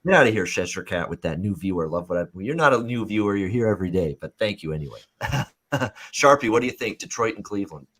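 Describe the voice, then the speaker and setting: A man's voice: lowish voice, animated, fast, fairly bright tone. A man hosting a live sports betting talk show, talking in a loose, rambling way with many fillers and reading out viewer comments. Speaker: host.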